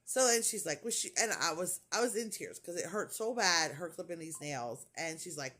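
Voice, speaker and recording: A woman chats to her viewers in a loose, rambling way, retelling a story and acting out what everyone said. Her pitch swings widely as she talks, full of likes and ums. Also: normal speed, hardly any pauses. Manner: animated, retells dialogue with lots of "like" and fillers. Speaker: crafting vlogger. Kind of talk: casual storytelling chat.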